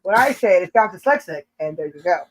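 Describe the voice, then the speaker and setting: A woman's voice: lowish voice, lively intonation, fast, low-quality recording. Laughing, teasing woman livestream host. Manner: jokey and teasing, laughs often between lines. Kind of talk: casual live chat.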